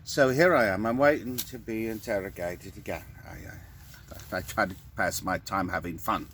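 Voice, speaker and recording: A man's voice: on the low side, normal speed, fairly bright tone, slight background noise. A man delivering a rambling, improvised comic monologue, often stammering and repeating words. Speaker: vlogger.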